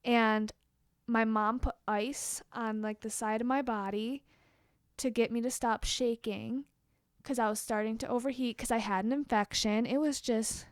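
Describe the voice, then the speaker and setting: A young female vlogger with a fairly high, clean-toned voice rants through a storytime video, cursing openly and tossing brief remarks to her audience. The sound is clean studio audio with no room reverberation.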